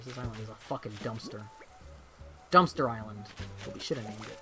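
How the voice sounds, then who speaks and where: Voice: medium pitch, fairly even intonation, fairly quick, over music. A vtuber streamer in casual livestream chat, rambling and swearing freely and laughing often while playing a game at home.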